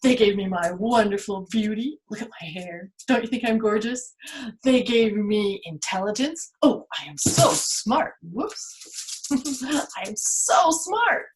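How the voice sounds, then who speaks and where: A woman's voice: mid-range voice, animated, measured pace, slight background noise, lightly acted. Woman playing Pandora, curious and vain. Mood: playful. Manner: playful, theatrical, boastful. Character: curious, vain young woman from Greek myth.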